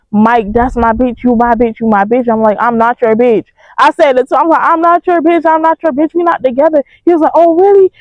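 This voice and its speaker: A young woman telling a storytime in a casual, profane, animated way. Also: on the high side, dry recording, dull audio. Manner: animated, profane, emphatic retelling.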